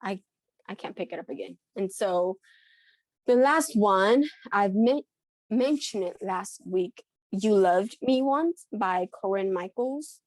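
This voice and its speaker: A woman's voice: mid-range voice, slow pace, no room sound. A woman co-hosting a book podcast in casual chat, talking with many restarts and frequent laughs. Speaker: podcast co-host.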